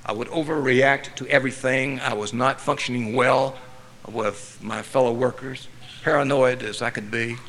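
At a recovery meeting, a man shares his personal recovery testimony with wry, self-mocking humor. His mid-range voice is steady and a bit bright with some vocal fry, delivered at a moderate pace, and there's a slight hiss or hum on the recording.

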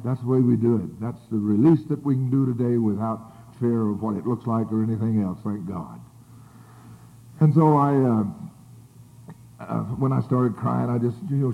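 Talking to a group about his recovery, an older man speaks in a low-ish voice with vocal fry. His rambling personal story is full of fillers and false starts, heard through tinny, phone-like audio.

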